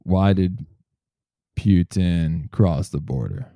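A man hosting a casual comedy podcast, swearing freely and reading news quotes aloud in a relaxed, joking way. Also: low voice, takes it slowly, creaky, no echo, clean studio sound. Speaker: podcast host.

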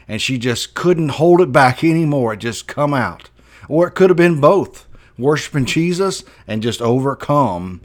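A man preaching a Bible sermon fervently, voice rising and dropping sharply for emphasis. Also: medium pitch.

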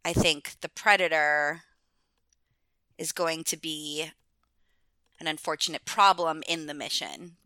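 A woman with a lowish, bright, crisp voice chats casually as a podcast guest. She rambles from thought to thought, leans on "like," and laughs often. The recording is dry and close. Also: slow, long pauses, no echo. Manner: rambling, many "like"s, frequent laughs. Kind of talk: casual chat.

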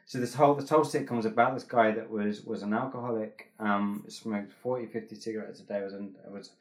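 A man's voice: on the low side, fairly even intonation, brisk. A young man from England, a comedian guest, chatting casually in an interview and rambling with many restarts and fillers.

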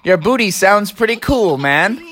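A woman's voice: medium pitch, expressive, normal speed, a crowd in the background, voice pushed up, close to an everyday voice. A woman voicing a cheerful, laid-back young male frog in a children's story, easygoing and slangy. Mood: amused. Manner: easygoing, says dude a lot.

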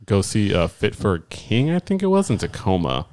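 Swearing man telling animated concert stories. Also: on the low side, moderate pace. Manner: animated storyteller, acts out friends' voices, swears freely. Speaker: podcast co-host. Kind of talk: casual chat.

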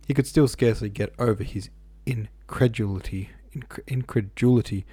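A man narrating a novel aloud in a steady, even reading manner with small slips. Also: medium pitch, normal speed, breathy edge, no room sound. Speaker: audiobook reader.

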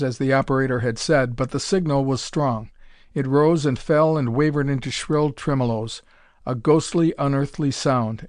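A man in the middle of his range narrates a story at a measured, plain pace. The recording is close and dry, with no room sound at all. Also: mid-range voice, no room sound. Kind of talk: storybook reading of pulp science fiction.

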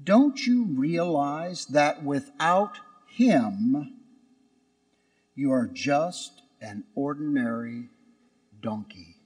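A wise mother donkey who speaks gently and softly, as a male priest puts her on. She takes her time over each word, heard in a large church with a long echo. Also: a little high, lively intonation, extremely slow, pitched below the performer's own voice, heavily acted. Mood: gentle. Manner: soft and gentle.

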